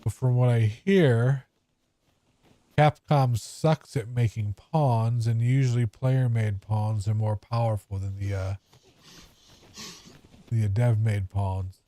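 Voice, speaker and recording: A mellow-voiced man chatting over gameplay. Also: mid-range voice, fairly even intonation, slow pace, long pauses. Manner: rambling, offhand and profane. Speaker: gamer. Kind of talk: casual gameplay commentary.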